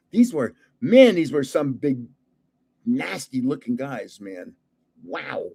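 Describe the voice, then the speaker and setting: A man's voice: medium pitch, big pitch swings, slow pace, creaky, mellow, slightly rough. An older man, a card channel host, tells rambling celebrity stories in casual chat and laughs often. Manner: chuckling, rambling anecdotes.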